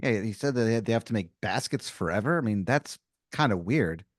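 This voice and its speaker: A man in casual comedic banter, answering a story with blunt swearing and incredulous questions. His voice sits low but swings widely in pitch. The recording is dry. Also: expressive, fairly quick, dry recording. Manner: reacts with swearing and disbelief. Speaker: podcast co-host.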